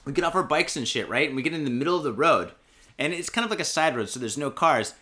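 A podcast host telling a casual story, excitable and profane, with lots of filler words. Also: male voice, fairly high pitch, fast talker. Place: podcast studio.

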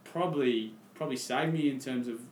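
A man's voice: mid-range voice, quick pace, darkish tone, reverberant, a little hiss or hum. An Australian man, a podcast guest, telling a story in casual chat and acting out his own past lines.

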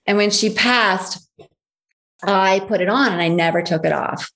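A woman's voice: medium pitch, a little slow, a bit bright. A woman guest telling a personal family story, emphatic and repeating key phrases, sometimes acting out the voices of the people in it. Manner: acts out others' voices in quotes.

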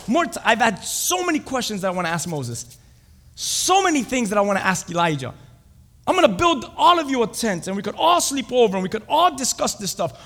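A man voicing an excitable male apostle who gushes loud, rapid-fire plans and questions, in a reverberant hall. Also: extremely high pitch, voice pushed up, full character voice.

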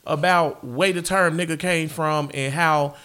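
A man hosting a podcast in casual chat, animated and profane. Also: on the high side, unhurried, smooth. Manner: animated, profane, laughs often. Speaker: podcast host.

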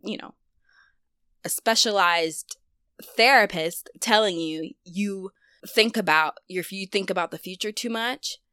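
A young woman candidly telling a personal story on her vlog, chatty and full of fillers, dropping to a hush on the hard parts. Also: mid-range voice, unhurried, clean tone, dry recording, clean studio sound. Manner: candid, conversational, heavy use of fillers. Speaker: vlogger.

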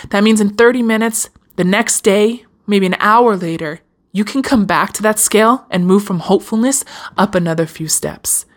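A woman hosting a casual self-help podcast, speaking straight to her listeners with lively swings in pitch and the odd swear word. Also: normal speed. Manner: animated, swearing, addresses listeners directly. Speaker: podcast host. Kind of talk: motivational self-help talk.

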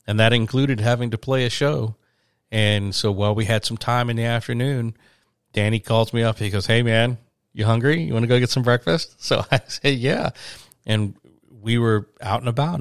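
A man's voice: medium pitch, no echo, studio quality. A man telling travel stories in a casual podcast chat, rambling with lots of restarts and fillers. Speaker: podcast host, touring musician.

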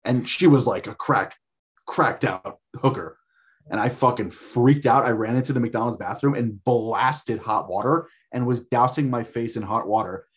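Husky man telling a rambling story. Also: mid-range voice, moderate pace. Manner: rambling, profane, filler-heavy. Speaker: podcast guest. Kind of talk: casual storytelling.

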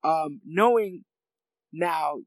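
A man's voice: a little high, extremely slow, no echo, low-quality recording. A man in casual chat, rambling with many fillers and laughs as he talks through a favorite scene.

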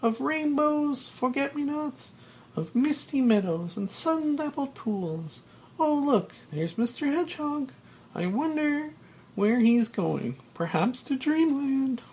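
Man playing a sugary fairy woman, delicate British accent, falsetto, gentle scolding, script reading. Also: very animated, takes it slowly, a little hiss or hum, heavily acted. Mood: sweet. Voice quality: sing-song falsetto. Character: sweet, chirpy female fairy spirit.

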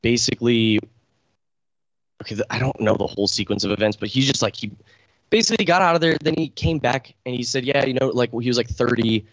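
A man's voice: mid-range voice, expressive, quick pace, no room sound, poor audio. A young man telling a long story in casual chat, rambling, with lots of filler words.

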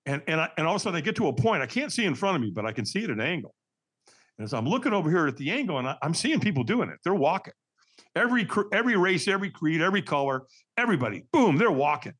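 Animated husky man telling a story. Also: fairly high pitch, rapid-fire. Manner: energetic, acts out quoted voices, frequent restarts. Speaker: podcast guest.

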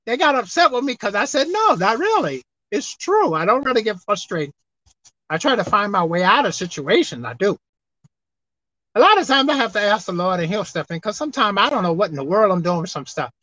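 A woman preacher delivering a sermon, swinging between loud emphatic outbursts and quiet asides. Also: mid-range voice, sing-song, brisk, dry recording. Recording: dull lo-fi dry sound.

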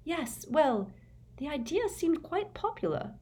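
A woman voicing a brisk, bossy teen girl. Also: sits high, big pitch swings, darkish tone, pitched above the performer's own voice. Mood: pleased. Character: anxious bossy teenage girl.

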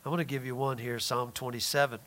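A man pastor preaching a sermon, swinging between loud emphatic lines and hushed, near-whispered ones. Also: mid-range voice, little pitch movement, quick pace.

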